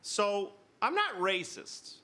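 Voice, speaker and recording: A man in his fifties doing stand-up comedy, telling stories in an exasperated, animated way. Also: high-pitched, slow, very noisy. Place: stage before a live audience. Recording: live show with loud crowd laughter.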